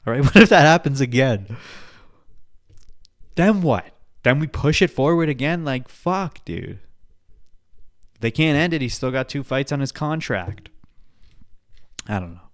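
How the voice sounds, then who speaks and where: A man's voice: medium pitch, expressive, a little slow, long pauses. Profane rambling podcast host, man. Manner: profane, rambling, laughs a lot. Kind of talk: casual podcast chat.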